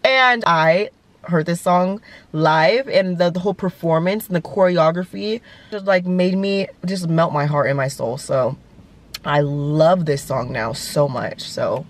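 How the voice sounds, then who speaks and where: A woman's voice: on the low side, a little slow. A young woman chatting casually as a music vlogger, gushing and giggly, with lots of fillers. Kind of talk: casual chat.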